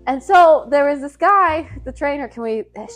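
Young woman co-host, high-pitched, rambling and self-mocking, faint music behind. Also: lively intonation, moderate pace. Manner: self-deprecating, rambling, giggly. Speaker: podcast co-host. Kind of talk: casual chat.

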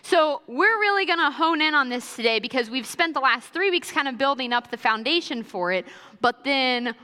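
A woman's voice: high voice, animated, moderate pace, pushed and bright, clear, resonant tone. A young adult woman giving a conversational sermon full of personal stories. She talks in a casual, chatty way with fillers like "kinda" and "like". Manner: casual and chatty, many fillers like 'kinda' and 'like'. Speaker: church speaker. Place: church auditorium. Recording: long reverb of a large church hall.

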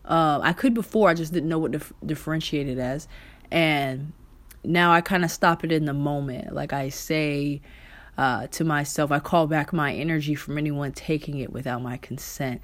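A woman with a low, deep voice talks loosely and casually about spiritual energy straight to the camera. She is conversational and swears now and then. The sound is dry and close, with no room around it. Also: no room sound. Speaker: vlogger.

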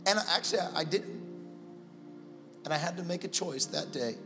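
A pastor preaching a sermon in a church, telling stories and acting out the dialogue in them. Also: male voice, a little high, normal speed, in a large hall, music in the background. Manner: storytelling, acting out dialogue with God.

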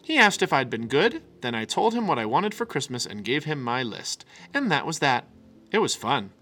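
Man voicing a boy bear cub, matter-of-fact, bit bossy, bright lively storybook voice. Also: medium pitch, normal speed, soft background music. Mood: knowing.

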